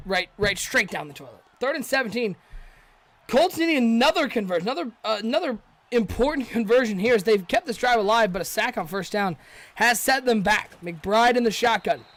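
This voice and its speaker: Here a man's high-set voice carries lively, chatty live-stream commentary, describing the play as it happens and kidding around with the people in chat.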